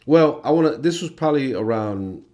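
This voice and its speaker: A man hosting a casual interview, talking in a relaxed, rambling way with many restarts. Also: mid-range voice, moderate pace. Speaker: podcast host.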